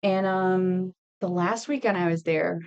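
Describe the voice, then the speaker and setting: Her voice sits on the low side, slightly mellow and clean, with a steady tone and a somewhat slow delivery, but the audio itself is dull. She's in her thirties, a craft streamer who makes earrings live while casually chatting, laughing, sharing stories, and reading out and answering chat messages.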